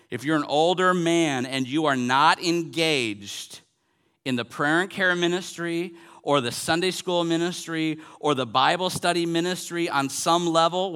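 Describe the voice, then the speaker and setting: A man's voice: fairly high pitch, fairly bright tone, smooth. A man in his forties, a pastor, preaching a sermon in an earnest way, repeating phrases and building to emphatic peaks. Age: 40s.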